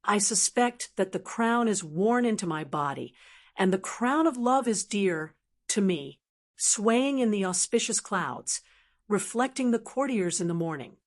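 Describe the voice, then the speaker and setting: A woman's voice: medium pitch, expressive, measured pace. A woman voicing an eager male court scholar reciting a poem, in an audiobook reading. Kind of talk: audiobook narration.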